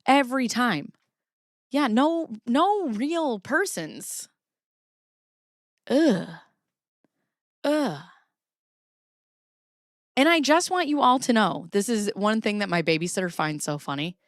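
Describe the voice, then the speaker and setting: A woman's voice: medium pitch, animated, unhurried, long pauses, no room sound, clean studio sound. Chatty, profane woman livestreaming from her basement. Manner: profane, chatty, laughs often. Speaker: livestream host. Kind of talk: casual livestream commentary. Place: home basement. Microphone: camera pointed at herself.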